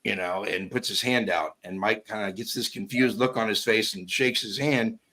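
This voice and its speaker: Blunt, rambling man with a low voice. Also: steady tone, moderate pace, bright, forceful tone, slight background noise. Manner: rambling, peppered with "you know"; blunt and emphatic. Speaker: guest commentator. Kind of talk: casual chat.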